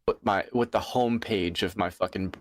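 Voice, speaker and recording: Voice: low-pitched, normal speed, no echo, studio quality. A caller who stammers and restarts often, swearing now and then. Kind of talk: casual call-in chat.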